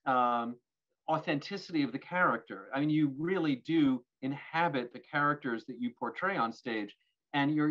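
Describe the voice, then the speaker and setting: Measured male interviewer, lo-fi sound. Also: fairly high pitch, a bit bright. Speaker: interview host, arts organization president. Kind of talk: interview questions. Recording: dull lo-fi sound.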